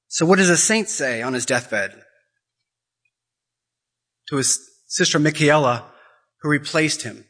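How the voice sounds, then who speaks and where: A man's voice: fairly high pitch, bright, forceful tone, slightly rough. A man giving an impassioned Catholic talk, emphatic and repeating his questions for effect. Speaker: Catholic speaker. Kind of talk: impassioned preaching.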